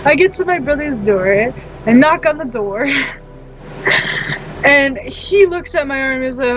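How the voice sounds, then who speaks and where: A woman's voice: high voice, expressive, normal speed, a little hiss or hum, rough recording. A woman in her twenties rambling through a casual personal story, laughing often and poking fun at herself. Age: 20s. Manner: laughs often, self-deprecating. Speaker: storytime vlogger.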